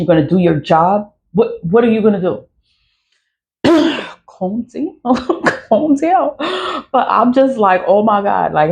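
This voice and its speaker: A woman's voice: sits low, dark tone, lo-fi sound. A middle-aged woman, venting angrily to camera in a profane monologue and repeating herself for emphasis. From New York. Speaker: vlogger.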